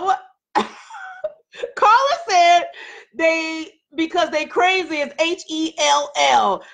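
A woman hosting a casual live-stream chat, reading out viewer comments in a sassy, animated way with loud outbursts. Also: high-pitched.

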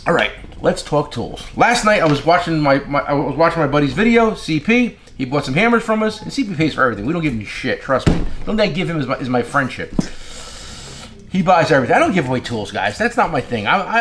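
A fairly high-voiced man, running a tool shop channel and ranting through customer stories. His pitch swings widely as he acts out callers and repeats himself for emphasis. A faint hiss of noise sits under the recording. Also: very animated, fast. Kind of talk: casual storytelling rant to camera.

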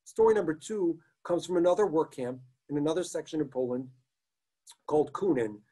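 A man's voice: a little high, animated, brisk, dark tone, breathy edge, rough recording. A man lecturing as a rabbi, telling stories in an earnest, emphatic way during an online talk, sharing his screen. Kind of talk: online lecture with story reading.

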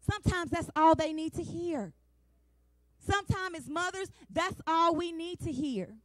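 A woman in her forties delivers a sermon with fervent, emphatic repetition, speaking in a plain, down-to-earth way straight to her listeners. Her voice sits high, and the sound is close and dry with no room around it. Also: animated, moderate pace, fairly bright tone, no echo. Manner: passionate, emphatic preaching with repeated refrains; colloquial, talks straight to the congregation. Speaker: women's day speaker.

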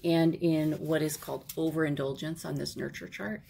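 Gravelly low-voiced woman teaching casually. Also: flat delivery, moderate pace, mellow, slight background noise. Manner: conversational, checks in with "okay?", self-correcting. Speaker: parenting workbook presenter.

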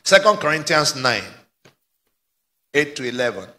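A Nigerian male pastor preaches a live sermon before his congregation, exhorting them, prompting replies in call-and-response, and climbing into fervent shouting. His medium-pitched voice is very animated though a little slow, and the recording is very noisy.

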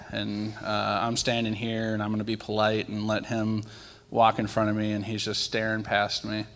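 A young man gives a casual testimony from the pulpit, acting out bits of his story as he goes. His voice sits low with a gravelly edge. The sound rings with the long reverb of a church hall. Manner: animated storytelling with acted-out quotes. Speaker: lay speaker sharing testimonies. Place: church sanctuary.

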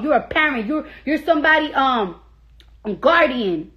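A woman's voice: high-pitched, lively intonation, a little slow, a bit bright. Young woman, heated profane rant, repeats lines for emphasis, dull lo-fi phone audio. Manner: heated, repeats herself for emphasis, swears constantly. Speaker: celebrity on a social media live stream. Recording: dull lo-fi phone live stream.

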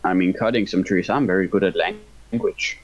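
Young man, Danish accent, excitable, swearing, laughing, slightly muffled lo-fi mic. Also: low-pitched, fairly quick, vocal fry. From Denmark. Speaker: gamer playing co-op. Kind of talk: casual gaming chat.

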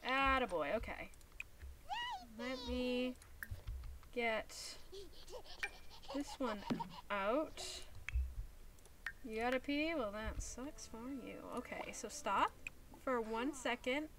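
A woman's voice: a little high, slow pace, long pauses, noisy background. A young woman streaming a life-sim game, scolding her characters with exasperation. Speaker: gaming streamer. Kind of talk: casual gameplay commentary.

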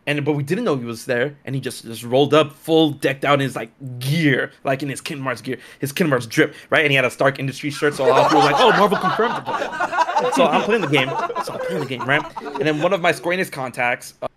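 A young man telling a story in a casual chat, excitable and slangy, with many restarts. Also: medium pitch, fast talker, slight background noise.

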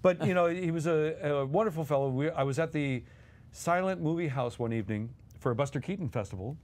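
A man's voice: on the high side, a little fast. A man guest co-hosting a podcast, telling anecdotes animatedly and chuckling as he goes. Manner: animated, chuckles while telling stories, acts out voices. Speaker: guest co-host.

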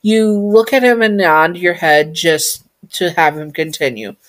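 A woman reads a fan story aloud in a casual, playful way, breaking off to chat and talk to herself. Her voice sits fairly low for a woman. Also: measured pace. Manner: chatty, giggly, talks to herself.

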